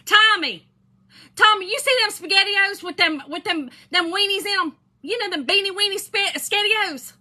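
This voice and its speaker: A woman's voice: extremely high pitch, normal speed, bright, forceful tone, voice pushed up, heavily acted. A woman voicing a brash woman shopper who hollers across a store at her boyfriend, drawling and repeating herself. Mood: hollering.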